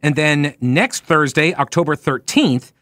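Nasal radio host with a Long Island accent. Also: male voice, fairly high pitch, measured pace, fairly bright tone, dry recording, clean studio sound. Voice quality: a little nasal. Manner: chatty, rambling, wry asides with many fillers. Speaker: radio talk show host. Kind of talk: casual talk radio monologue. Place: radio studio. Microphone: studio microphone.

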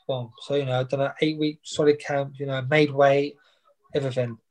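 A man's voice: mid-range voice, level tone, fast talker, darkish tone, low-quality recording. A young man, a boxer chatting casually in an interview and rambling with plenty of fillers and repeats. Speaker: boxer guest. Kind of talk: casual chat.

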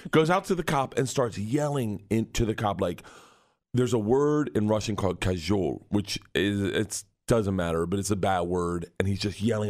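A comedian man telling a wild story in a radio studio, loud and laughing, acting out the voices of the people in it. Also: fairly low pitch, fairly quick. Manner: loud, laughing, acts out voices in his stories. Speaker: comedian guest. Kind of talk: animated storytelling.

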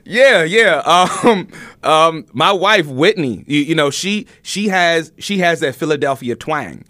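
A man's voice: a little high, animated, unhurried, bright, forceful tone, no room sound. A man hosting a casual news podcast, chatty and laughing often, with many restarts.

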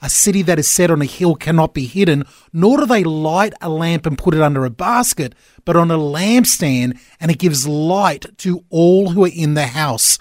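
An Australian man co-hosts in an earnest, chatty way and sometimes recites scripture. His voice sits a bit high and sounds dry and close in the studio. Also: lively intonation, moderate pace, hardly any pauses, dry recording. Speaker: radio co-host. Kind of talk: radio interview.

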